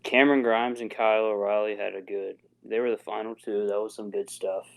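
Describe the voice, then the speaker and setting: A man with a lowish, gravelly voice chats on a podcast. He runs through events in a loose, rambling play-by-play. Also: fairly even intonation, a little fast, rough recording. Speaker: podcast co-host. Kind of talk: casual chat.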